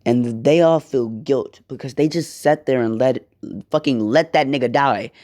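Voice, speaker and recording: A man's voice: medium pitch, normal speed, darkish tone. A young man casually telling a fan-made story, rambling with slang, profanity and side comments.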